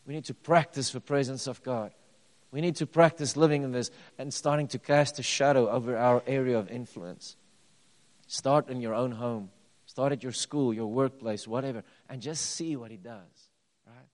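A man preaching a sermon, swinging between loud declarations and quiet personal stories. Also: medium pitch, moderate pace. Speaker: pastor. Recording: long hall reverb.

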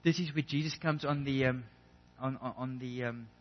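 A man's voice: medium pitch, fairly even intonation, normal speed. A man preaching a sermon in an earnest way, often restarting and repeating words as he builds a point. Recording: echoey hall, dull lo-fi sound.

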